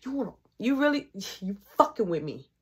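A woman's voice: a little high, big pitch swings, a little fast, breathy edge, full character voice. A woman voicing her angry, demanding mother, who pleads and threatens in repeated bursts. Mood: threatening. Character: furious demanding mother, middle-aged woman.

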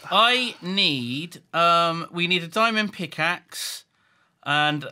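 Very bright, lively, sarcastic man gaming. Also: a little high, drawn-out words, clean tone. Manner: sarcastic and mock-exasperated. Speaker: co-player. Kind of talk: casual gameplay chat.

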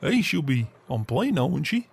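A beer-loving farmer, voiced by a man, talks in gruff, chuckling game roleplay banter. He swears freely, and his voice sits a little high for a man. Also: very animated, moderate pace, full character voice. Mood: jovial. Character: jovial beer-loving older male farmer.

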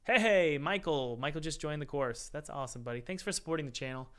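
A man's voice: fairly high pitch, quick pace, a bit bright, smooth. A man hosting a live-stream Q&A, chatty and upbeat, calling his viewers guys. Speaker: game dev course host answering live chat.

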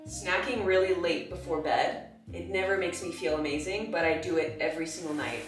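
A woman's voice: on the low side, fairly even intonation, fairly quick. Bubbly rambling woman vlogger, echoey room. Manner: bubbly, self-mocking, rambling. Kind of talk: casual vlog monologue. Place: home. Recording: echoey room with faint music.

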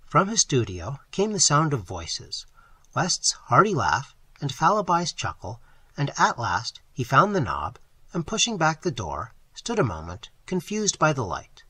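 Husky male audiobook narrator. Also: fairly high pitch, a little slow, no echo. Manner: expressive, dramatic reading. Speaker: audiobook reader.

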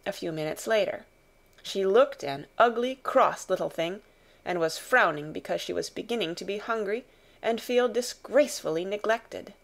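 A woman reads a classic novel aloud as an audiobook narrator. Her pitch sits in a middling range. Her storytelling is calm and even. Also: gravelly.

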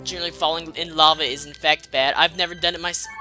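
Lady cussing her way through a video game, bright sharp voice, faint game music behind. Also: deep voice, fairly even intonation, fast talker. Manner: profane, sarcastic, muttering. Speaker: let's play host. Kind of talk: casual gameplay commentary.

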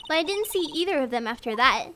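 Nervous young studio assistant, read by a woman, polite, high and animated voice. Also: fast talker.

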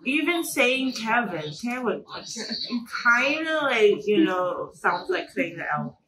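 A woman with a Hong Kong English accent, a native Cantonese speaker, co-hosting a casual podcast mukbang chat with animated, drawn-out phrasing. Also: fairly high pitch, reverberant, a little hiss or hum, poor audio. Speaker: podcast co-host.

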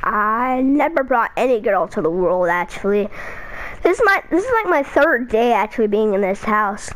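A woman's voice: fairly high pitch, lively intonation, moderate pace, fairly bright tone, low-quality recording. A woman voicing an exasperated teenage son with an eye-rolling manner.

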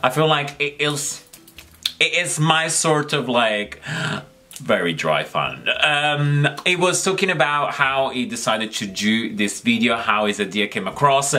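A man's voice: medium pitch, expressive, measured pace, sharp tone. A man hosting his own makeup channel, chatting casually to the camera in a giggly, rambling way with lots of fillers. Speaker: makeup vlogger, channel host.

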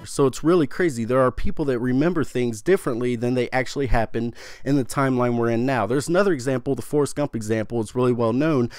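An excitable young man talking straight to his viewers, rambling, cutting himself off and swearing freely. His voice sits at an ordinary middle pitch. The recording is dry with no room sound. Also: fast talker, few pauses, clear, resonant tone, dry recording, faint music behind. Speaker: gaming channel host. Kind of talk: casual video commentary on a game storyline.

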